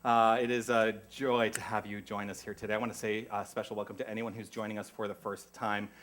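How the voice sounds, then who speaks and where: A man's voice: fairly low pitch, level tone, brisk, fairly bright tone. A man from the United States welcoming a congregation as minister, chatty and effusive with rambling asides. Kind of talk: church service welcome.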